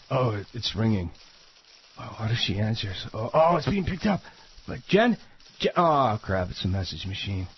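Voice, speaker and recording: A drunk male movie star pleads and rambles into an answering machine in a husky, low voice, as a man plays him. This is a radio comedy bit with a slightly muffled broadcast sound. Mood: nervous. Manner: pleading, rambling, self-pitying. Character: drunk, whiny male movie star on late-night call.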